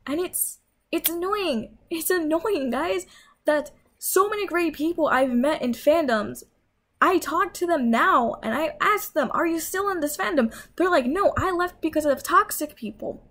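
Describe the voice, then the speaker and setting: A woman's voice: high voice, lively intonation, measured pace, a bit bright. A young woman vlogger in a heated, swearing rant, scolding her viewers. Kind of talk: angry rant.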